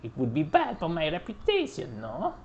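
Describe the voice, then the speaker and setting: A man's voice: fairly high pitch, huge pitch swings, normal speed, gravelly, dull audio, slight background noise, pitched above the performer's own voice, exaggerated voice. A man voicing a pompous, greedy merchant with a put-on French or German accent in a video game play-through. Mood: smug. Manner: haughty, mock-grand.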